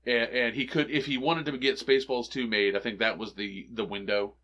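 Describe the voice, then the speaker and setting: Male podcast co-host, eager retelling, laughs often, mid-pitched voice. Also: fairly even intonation, a little fast, bright, forceful tone. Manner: eager, retells scenes with quoted lines and laughs. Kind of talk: casual movie chat.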